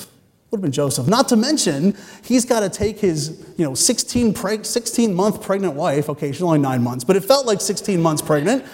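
A male pastor preaching a Sunday sermon in a church sanctuary. His voice sits fairly high for a man and carries a long hall reverb. He retells the story earnestly and drops in wry jokes. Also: a little mellow. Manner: earnest, storytelling, with joking asides.

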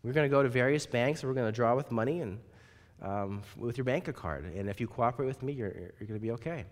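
A man voicing a young male drug addict in a flat, blunt way. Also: mid-range voice, fast talker, lightly acted. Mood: subdued. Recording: long reverb in a large hall.

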